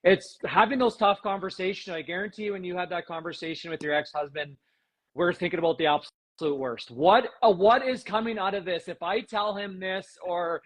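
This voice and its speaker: A man guest on a podcast, telling a personal story earnestly and with emotion, often pausing with "um". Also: high voice, rough recording. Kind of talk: casual conversation.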